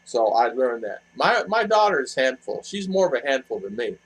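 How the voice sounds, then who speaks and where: A man's voice: medium pitch, big pitch swings, brisk, creaky, breathy edge, rough recording. A man hosting a casual live chat with viewers, rambling with lots of fillers and restarts. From expat living in the Philippines. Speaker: vlog host answering viewer chat.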